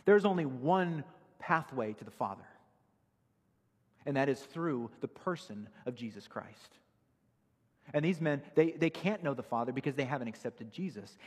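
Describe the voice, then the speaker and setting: Husky-voiced preacher in an echoing hall. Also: male voice, medium pitch. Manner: earnest, emphatic preaching with Bible verse references. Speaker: pastor. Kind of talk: sermon.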